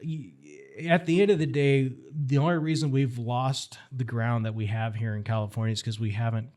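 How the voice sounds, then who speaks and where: A middle-aged firearms instructor joins a casual podcast conversation as a guest, speaking bluntly and with animation and building his stories toward rallying calls. His voice is mid-range and darkish, with fairly even intonation at normal speed.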